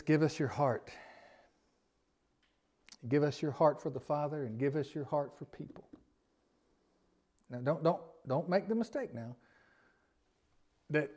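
Folksy pastor preaching a sermon. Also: male voice, on the high side, darkish tone. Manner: folksy, chuckles often, asks the congregation questions. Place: church sanctuary.

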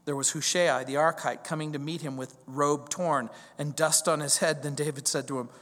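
Guy preaching in a big church, kinda high voice, lots of repeating for emphasis, reverb trailing off. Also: normal speed. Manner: animated, conversational preaching with emphatic repetition. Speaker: pastor. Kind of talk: expository sermon. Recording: long hall reverb.

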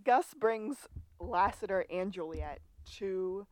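A woman's voice: mid-range voice, takes it slowly. A woman co-hosting a podcast, walking through the episode's plot in casual chat. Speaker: podcast co-host.

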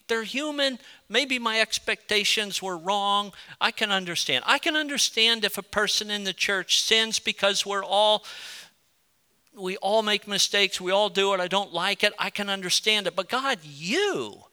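A middle-aged male pastor preaching a sermon, moving between impassioned pleading and quiet storytelling. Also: high-pitched, smooth.

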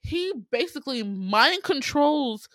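A woman in casual chat recapping a movie, animated and profane and laughing often. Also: sits high, slow, no room sound, clean studio sound.

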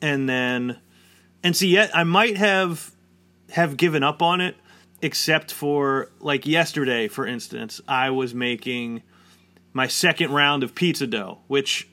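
A man's voice: mid-range voice, unhurried, bright, forceful tone. A man around forty chatting casually and rambling, with lots of "like" fillers. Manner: rambling, heavy use of "like" fillers. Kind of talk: casual chat.

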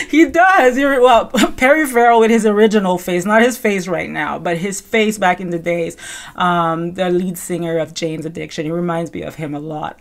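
Rambling, chatty woman podcast host. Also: lowish voice. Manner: rambling, conversational, lots of fillers and self-corrections. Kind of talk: casual commentary on reality TV.

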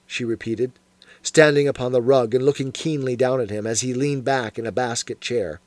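A man's voice: mid-range voice, no room sound. Man narrating an audiobook, dry close sound. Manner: measured, even reading. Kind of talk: scripted narration.

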